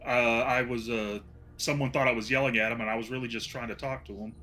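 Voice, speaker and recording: Brief: Texan male player, booming forceful voice, stammers a lot. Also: fairly even intonation, fast, soft background music. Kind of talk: casual chat.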